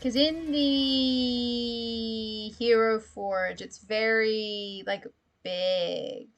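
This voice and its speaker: A woman with a slightly high voice streams herself drawing, rambling loosely and laughing at her own thoughts. Her talk is loose and unscripted, thinking aloud as she works. Soft music plays faintly in the background. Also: steady tone, very slow. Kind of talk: casual livestream chat while drawing.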